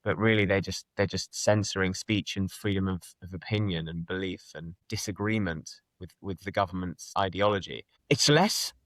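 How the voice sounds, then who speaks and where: A young London man talks as a guest in an interview. His voice is on the low side and dry, and he speaks earnestly, restarting phrases as he presses his points. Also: normal speed, hardly any pauses, fairly bright tone, dry recording. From London, England. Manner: earnest, emphatic, restarts a lot. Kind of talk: conversational interview.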